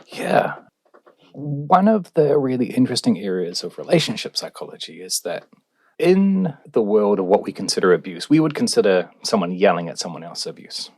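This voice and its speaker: A man's voice: lowish voice, big pitch swings, normal speed, darkish tone, slightly rough, no room sound. A male relationships researcher, answering podcast questions in a wry, explanatory way with fillers.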